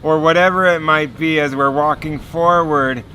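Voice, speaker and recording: Bright-voiced man sharing a testimony. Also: a little high, normal speed, slight background noise. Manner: earnest, animated storytelling with laughs. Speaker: speaker giving a testimony. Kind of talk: sermon testimony storytelling.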